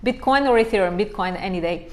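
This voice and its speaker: A woman's voice: medium pitch, fast. A woman life coach from Romania, hosting a livestream chat and reading out viewer comments in an effusive, enthusiastic way. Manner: effusive, warmly enthusiastic, repeats praise words.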